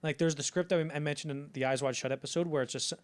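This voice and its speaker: A man's voice: fairly high pitch, fairly even intonation, quick pace. A young man co-hosting a casual film-history podcast, rambling through anecdotes and acting out the people in them. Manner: rambling, acts out anecdotes in quoted voices. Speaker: podcast co-host.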